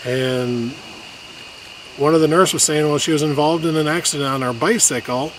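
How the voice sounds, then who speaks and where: Guy telling a hard story on a trail, halting, voice breaking up, lots of noise around. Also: mid-range voice, fairly even intonation. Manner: halting, many restarts, gets choked up. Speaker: vlogger telling a personal story. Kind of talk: emotional personal storytelling. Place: outdoors on a hiking trail. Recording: noisy outdoor recording.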